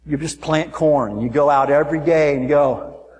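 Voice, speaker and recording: A man's voice: normal speed, muffled recording. A man preaching a sermon, telling stories and acting out people in raised voices. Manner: animated storytelling, mimics people in high voices. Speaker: pastor. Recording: long reverb of a large hall.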